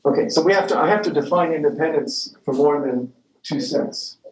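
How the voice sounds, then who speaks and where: A man's voice: a little high, moderate pace, a little mellow, roomy sound, rough recording. A man lecturing a math class, rambling and correcting himself as he goes, with the odd chuckle. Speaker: math professor.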